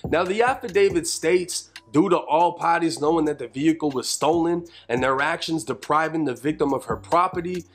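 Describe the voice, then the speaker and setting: A man giving a measured, matter-of-fact scripted narration for an investigative video. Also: a little high.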